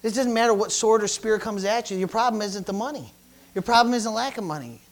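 A pastor preaches a sermon in a strikingly high voice, speaking a little fast. He swings between fervent shouting and quieter teaching, with hallelujahs and calls of praise breaking into his lines.

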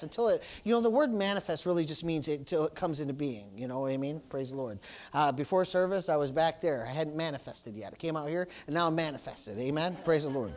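At a church service, a man preaches quickly, with a fairly high voice and lively intonation. He keeps repeating "praise the Lord" and "amen," swinging between loud exclamations and quiet asides.

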